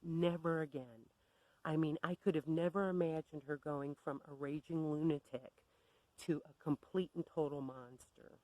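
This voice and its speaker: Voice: mid-range voice, steady tone, moderate pace, warm tone, no echo, poor audio. A storyteller recounting a personal story in a blunt, wry, candid way.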